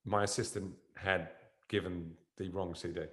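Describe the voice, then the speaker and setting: Speaking at a normal speed, this man has a low voice that reverberates through a university event room. As an actor appearing as a guest, he tells an animated, wandering story on stage, hopping from one point to another.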